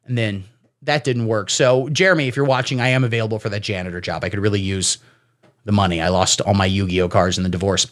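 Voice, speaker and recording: A man's voice: lowish voice, steady tone, fast. A man giving sarcastic, rambling comedy commentary as he reads out texts, slipping into silly voices for the quotes. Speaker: comedy streamer. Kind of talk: satirical commentary reading texts.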